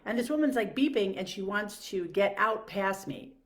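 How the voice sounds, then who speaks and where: A woman telling exasperated, animated stories in a casual monologue rant, swearing freely. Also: medium pitch, moderate pace. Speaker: podcast host.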